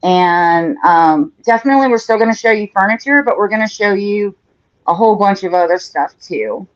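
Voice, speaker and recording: A woman's voice: mid-range voice, animated, moderate pace. A woman hosts a live painting show, chatting casually and reading out viewer comments as she works. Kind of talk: casual livestream chat while painting. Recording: dull lo-fi livestream audio.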